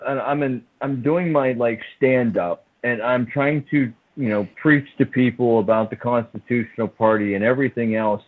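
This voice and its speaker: A man hosting a casual podcast, rambling and stumbling over his words as he jokes around. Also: medium pitch. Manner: rambling, repeats words, mock accents. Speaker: podcast host. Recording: phone-like lo-fi audio.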